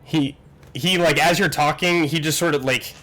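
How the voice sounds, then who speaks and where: A man's voice: fairly high pitch, steady tone, moderate pace, bright, forceful tone. A man narrating as game master in a casual, joking way, often laughing. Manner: laughing, casual, swears a lot.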